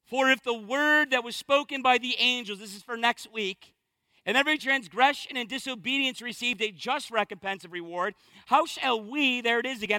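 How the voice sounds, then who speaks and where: Male pastor, very high voice, bright tone, dry close sound, emphatic sermon delivery. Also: dry recording. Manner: emphatic, repetitive, conversational preaching.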